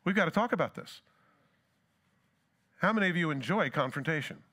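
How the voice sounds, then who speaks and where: A man's voice: a little high, animated, brisk, sharp tone. A pastor preaching a sermon who asks his congregation rhetorical questions and acts out scripture dialogue.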